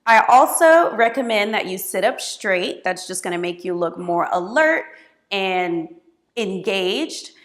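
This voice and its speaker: A woman in her thirties, a career coach giving expressive, hands-on advice straight to camera. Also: medium pitch, unhurried. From United States. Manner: expressive, gestures a lot while talking.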